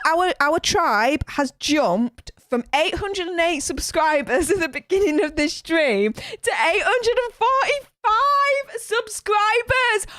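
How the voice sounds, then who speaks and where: Gushing high-voiced woman streamer. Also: dry recording, clean studio sound. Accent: Northern English. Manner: gushing, excitable, many fillers. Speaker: livestream host. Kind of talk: live reaction stream chat.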